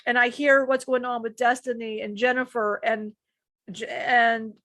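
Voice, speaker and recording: High-voiced woman sharing emotionally. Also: little pitch movement, a little slow, fairly bright tone, no room sound. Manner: rambling, restarts often, swears casually. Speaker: channeler co-host. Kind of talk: emotional personal sharing in a live stream.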